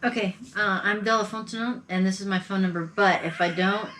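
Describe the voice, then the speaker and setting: A woman at a tabletop game answers in a wry, slightly hesitant manner. Her voice is bright and crisp. A faint hiss sits behind her. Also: medium pitch, steady tone, brisk. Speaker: player. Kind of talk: tabletop role-play.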